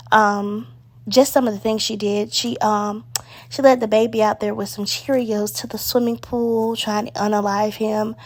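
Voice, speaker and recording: A woman giving a casual spoken movie review, chatty and excitable, with lots of slang and fillers. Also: mid-range voice.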